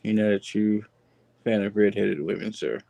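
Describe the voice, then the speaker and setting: A man's voice: lowish voice, normal speed, creaky, mellow, no echo. A man in casual podcast chat, bantering in a wry, mock-formal way.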